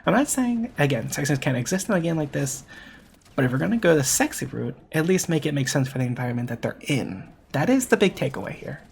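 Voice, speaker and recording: A fast-talking VTuber commentator with a gravelly, mid-range voice gets very animated in an opinionated monologue critique of a game, with a little hiss or hum audible. They keep repeating points for stress and often correct themselves mid-sentence with filler words.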